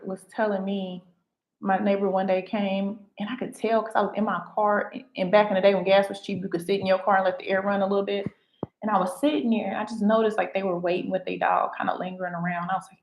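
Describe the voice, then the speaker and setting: A woman's voice: mid-range voice, vocal fry, roomy sound, rough recording. A woman vlogger chatting casually to camera, telling stories and repeating her phrases as she goes. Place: home in Mexico.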